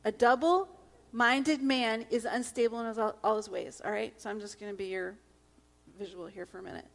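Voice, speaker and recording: A middle-aged woman pastor preaching a sermon in an earnest, emphatic manner, sometimes dropping to a hush. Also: fairly high pitch, steady tone, moderate pace, vocal fry.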